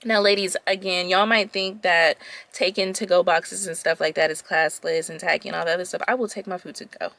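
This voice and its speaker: A woman's voice: on the low side, brisk, dry recording. Chatty woman telling a story. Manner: chatty, animated, talks straight to the viewers. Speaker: vlogger telling a dating story. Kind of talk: casual storytime chat.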